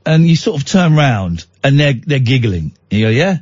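Tired, husky radio host rambling. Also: male voice, mid-range voice, sing-song, normal speed, a little mellow, dry recording, highs cut off. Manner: rambling, self-mocking, with restarts and voiced impressions. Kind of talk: casual storytelling on talk radio. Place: radio studio.

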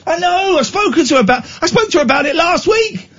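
A man's voice: very high-pitched, fast talker, dull audio. A man hosting a radio show, chatting casually and teasing his co-host with jokes. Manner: animated, teasing, jokey.

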